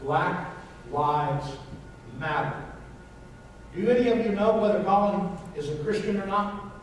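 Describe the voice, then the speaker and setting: Male pastor, high voice, emphatic repeated phrases, distant church-hall sound. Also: unhurried, slight background noise. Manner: emphatic preaching, repeating phrases, asking the congregation questions. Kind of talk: sermon. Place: church sanctuary.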